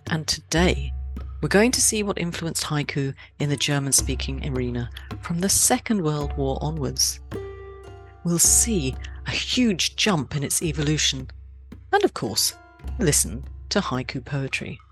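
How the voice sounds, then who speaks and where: Low-voiced woman hosting a poetry podcast. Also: lively intonation, a little slow, soft background music. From Switzerland. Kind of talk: scripted podcast narration.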